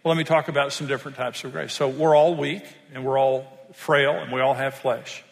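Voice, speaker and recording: A man's voice: mid-range voice, steady tone, brisk, vocal fry, long reverb tail. An older man, preaching a sermon and telling stories in an earnest manner. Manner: storytelling, earnest, rises when stressing points. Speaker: pastor.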